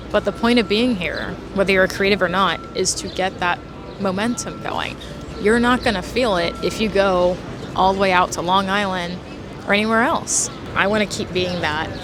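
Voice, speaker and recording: A woman in her twenties talking to her camera in a casual vlog, chatty and stressed, with sudden emotional outbursts. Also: on the low side. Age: 20s. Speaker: YouTube vlogger.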